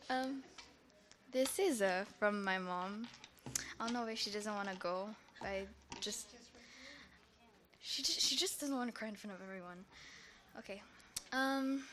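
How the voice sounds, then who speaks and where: A woman's voice: a little high, fairly bright tone, a little hiss or hum. A young woman reading out a memorial tribute on her mother's behalf, carefully and with small stumbles. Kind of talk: memorial tribute read aloud.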